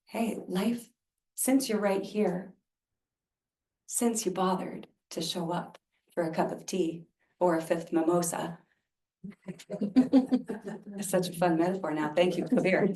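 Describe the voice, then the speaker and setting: A woman leading a spiritual service, guiding a chant-based practice in a slow, gentle way. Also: lowish voice. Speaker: service leader. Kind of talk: guided spiritual practice talk. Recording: roomy sound from a distance.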